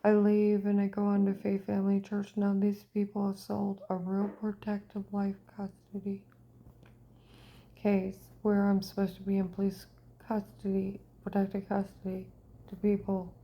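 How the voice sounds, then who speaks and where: A woman giving a personal testimony monologue, often dropping into a hushed whisper. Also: mid-range voice, completely flat delivery, normal speed, creaky, dull audio, slight background noise. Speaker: person telling her own story.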